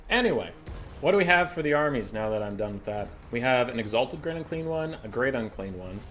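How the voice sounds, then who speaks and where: Male streamer, casual game commentary, mid-pitched voice, excitable and chatty, faint music behind. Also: brisk. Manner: excitable and chatty, swears casually, chuckles often. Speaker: streamer casting a game tournament.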